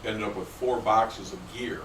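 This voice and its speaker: A man's voice: steady tone, moderate pace, distant mic, background noise. Off-mic man in an echoey room, joke-telling. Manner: tells jokes and acts out high-pitched voices. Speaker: podcast co-host. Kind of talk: casual chat.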